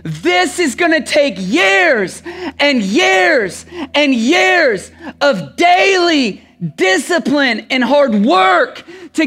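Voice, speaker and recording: A man preaching a sermon as a pastor, swinging from shouted emphasis to hushed, intimate passages. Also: very high voice.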